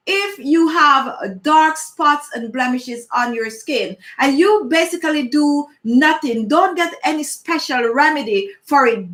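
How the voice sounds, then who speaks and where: A woman's voice: sits high, fairly bright tone, roomy sound. A woman from Jamaica with a Jamaican accent, hosting a beauty channel and chatting live with viewers in a playful, emphatic way. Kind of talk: live chat answering viewers.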